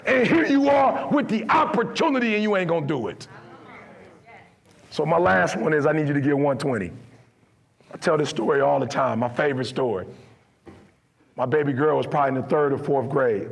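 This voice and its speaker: Middle-aged male motivational speaker, husky, gravelly voice, acts out dialogue in his stories and swells into impassioned preaching. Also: medium pitch. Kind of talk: motivational speech with storytelling.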